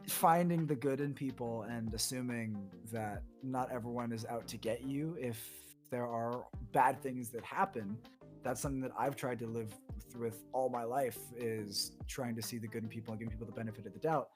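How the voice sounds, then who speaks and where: Guy rambling thoughtfully on a dnd podcast, lots of ums, mid pitch, faint music behind. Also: steady tone. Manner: halting, searching for words, many fillers. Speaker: podcast host and player. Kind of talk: casual chat.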